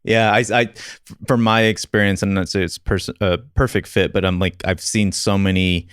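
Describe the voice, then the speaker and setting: A man's voice: low-pitched, level tone, normal speed, a bit bright, smooth, no room sound, clean studio sound. A man hosting a podcast conversation, telling stories in a casual, self-deprecating way and laughing often. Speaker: podcast host.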